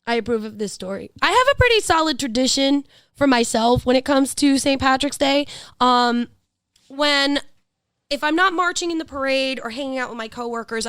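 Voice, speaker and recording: A woman's voice: sits high, a bit bright, clean tone, no echo, studio quality. A woman in her thirties with a New York accent, talking and laughing in a casual podcast chat. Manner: chatty, laughing, swearing, restarts often. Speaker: podcast co-host.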